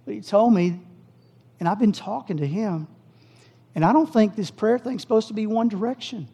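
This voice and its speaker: A man preaching, telling a personal story with acted-out dialogue and easing into soft prayer at a church service. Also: high voice, normal speed, husky. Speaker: pastor. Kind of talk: sermon testimony. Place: church service, also streamed online.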